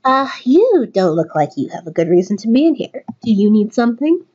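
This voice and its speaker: A woman voicing a creepy, fat and fluffy male bird school doctor in a game, talking slowly and insinuatingly. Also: medium pitch, big pitch swings, a little mellow, slightly rough, highs cut off.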